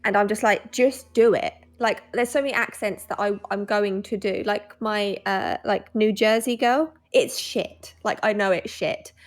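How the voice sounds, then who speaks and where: Gravelly-voiced encouraging woman. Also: medium pitch, steady tone, moderate pace, hardly any pauses. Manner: thinks aloud, encouraging, casual swearing. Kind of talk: casual podcast chat.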